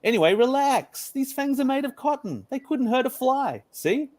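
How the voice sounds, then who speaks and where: Man doing a squeaky cheeky pillow lion. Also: animated, moderate pace, darkish tone. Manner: playful, joking.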